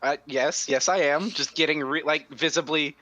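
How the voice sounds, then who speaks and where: A young man playing a tabletop game, speaking in a hesitant, halting way. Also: a little high, sharp tone. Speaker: player. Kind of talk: casual tabletop game play.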